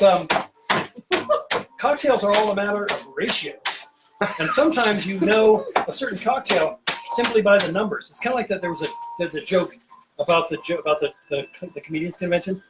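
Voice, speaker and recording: High-voiced man rambling behind a bar. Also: very noisy. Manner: rambling, self-interrupting, playful. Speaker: bartending show host. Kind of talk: casual joke-telling chat while mixing drinks. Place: home pirate-themed bar.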